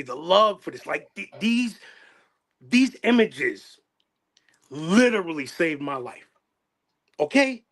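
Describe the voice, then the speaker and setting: A middle-aged man with a high, bright voice talks passionately to his channel's viewers. He circles back on himself, restarting sentences and repeating phrases as his feelings run over. His delivery is casual and heartfelt. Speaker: channel host. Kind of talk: emotional casual chat.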